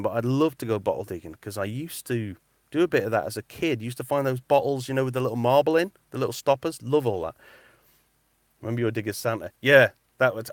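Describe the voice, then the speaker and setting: This man, a metal-detecting vlogger and voice artist, has a medium-pitched voice captured cleanly with no room sound, at studio quality. He chats casually on a live stream and reads out comments inside a cupboard set up as a recording booth. Animated and chatty, he tends to say things twice.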